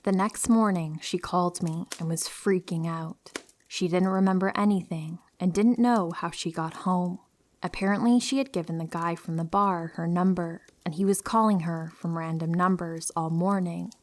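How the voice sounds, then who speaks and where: Young woman narrator, slightly low voice, soft sleepy horror storytelling. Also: moderate pace. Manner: calm, low-key reading with hushed whispery stretches. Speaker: narrator reading listener stories.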